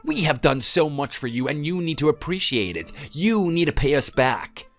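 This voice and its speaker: A man's voice: a little high, big pitch swings, normal speed, fairly bright tone, soft background music. A man voicing a defensive husband who insists he did enough for his wife and begs her not to leave. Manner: defensive, then pleading. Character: defensive husband pleading to save his marriage. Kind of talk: text-message story dramatization.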